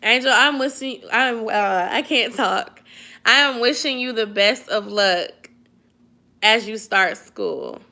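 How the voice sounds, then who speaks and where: A sleepy, yawning woman from the Atlanta area, US, hosts a YouTube livestream, casually reading viewer comments. Her bright voice is a little high, slow and gravelly, and she's chatty, offering sisterly advice in drawling slang.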